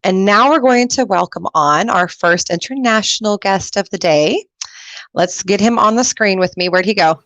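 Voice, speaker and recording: A middle-aged woman from Texas hosting a live interview show over a video call, animated and quick to exclaim and laugh. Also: medium pitch, no echo. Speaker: host.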